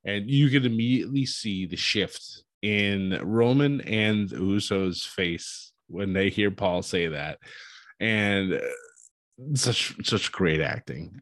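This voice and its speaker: A man hosting a casual recap of a wrestling show, telling it as an animated story, chuckling often and acting out what people said. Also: fairly low pitch, dry recording.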